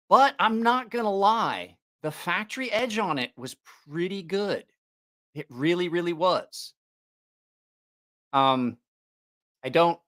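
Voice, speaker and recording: He's a knife channel host on a livestream, his voice sitting high, bright and forceful. The talk is casual and rambling, full of self-corrections and jokes.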